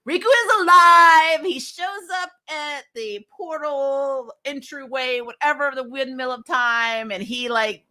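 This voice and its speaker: Woman reviewer, casual and chatty, laughs a lot, bright voice. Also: fairly high pitch. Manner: chatty and animated, laughs often, many fillers. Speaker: anime review vlogger.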